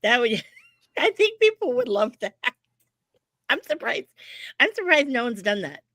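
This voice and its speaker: A woman's voice: on the high side, unhurried, no room sound. A woman co-hosting a wrestling podcast, talking bluntly and swearing freely in casual chat. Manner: blunt, profane, animated asides. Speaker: podcast co-host.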